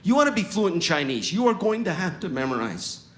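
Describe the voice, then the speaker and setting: Stand-up: man, sarcastic storyteller, swinging pitch, slightly high voice. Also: brisk, echoey room. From Utah, USA. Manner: sarcastic, animated storytelling with wry asides. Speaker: stand-up comedian. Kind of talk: stand-up comedy. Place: comedy stage before a live audience.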